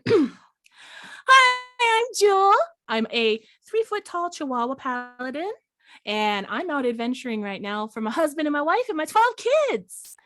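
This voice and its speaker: A man voicing a tiny, chipper female chihuahua paladin in a high, sing-song way. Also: sing-song, unhurried, fairly bright tone, heavily acted. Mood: sweet.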